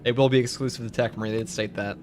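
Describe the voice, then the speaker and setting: A man's voice: mid-range voice, fairly even intonation, racing, a little mellow, a little hiss or hum. A man streaming a game, chatting casually and rambling with jokes and fillers. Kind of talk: casual live-stream chat over gameplay.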